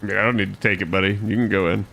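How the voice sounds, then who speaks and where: A man's voice: fairly low pitch, steady tone, racing, gravelly, fairly bright tone. A man streaming himself playing an online game, chatting loosely with his viewers. He rambles, corrects himself and swears casually. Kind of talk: casual live-stream gaming chat.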